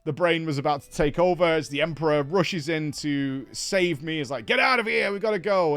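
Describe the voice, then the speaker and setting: A man hosting a casual game recap, telling the story with animated energy and acting out lines in other voices. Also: a little high, no echo. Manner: animated storyteller who acts out quoted lines. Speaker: host.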